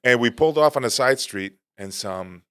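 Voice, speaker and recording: Profane, storytelling podcast host. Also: male voice, medium pitch, normal speed, clear, resonant tone, no room sound. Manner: animated, profane, acts out quotes. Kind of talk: casual storytelling chat.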